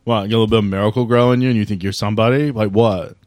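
A man voicing an excitable young male vape bro who gushes in breathless bro-speak. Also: fairly low pitch, rapid-fire, no room sound, studio quality, natural voice. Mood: sulky.

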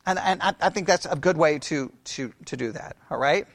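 A man's voice: on the high side, moderate pace, no echo. A man lecturing a Bible class in a conversational way, quizzing his listeners and repeating key phrases.

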